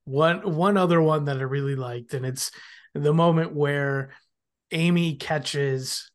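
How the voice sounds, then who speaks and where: A man's voice: fairly high pitch, slow pace. A man guesting on a podcast, retelling TV scenes line by line in casual chat. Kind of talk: casual chat recapping a TV episode.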